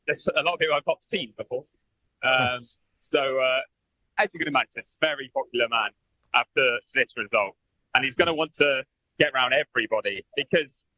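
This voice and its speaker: A man's voice: mid-range voice, pushed and bright, dry recording, poor audio. A man reporting live from the pit lane for a radio show, chatty and hesitant, with many fillers.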